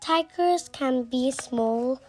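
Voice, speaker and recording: A woman's voice: high-pitched, drawn-out words, darkish tone, exaggerated voice. A woman reading aloud and voicing a boastful little male mouse who insists he is a tiger, talking in a stubborn, playful way. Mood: stubborn boasting. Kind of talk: storybook read-aloud.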